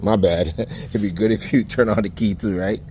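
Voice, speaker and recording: A man's voice: fairly low pitch, moderate pace. A man casually showing off his motorcycle on a handheld phone outdoors, chatting loosely with his viewers. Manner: relaxed, rambling, chatty with viewers. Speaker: motorcycle vlogger. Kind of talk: casual bike walkaround vlog. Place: outdoors beside a running motorcycle. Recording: outdoor phone audio with loud engine noise. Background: idling motorcycle engine.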